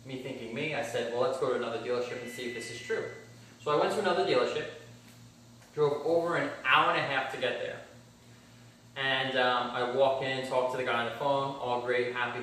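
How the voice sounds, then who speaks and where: A man's voice: mid-range voice, sharp tone. A man telling a car-buying story in a casual vlog, blunt and swearing, acting out both sides of his conversations. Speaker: car vlogger. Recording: very echoey room, mic at a distance, faint background hum.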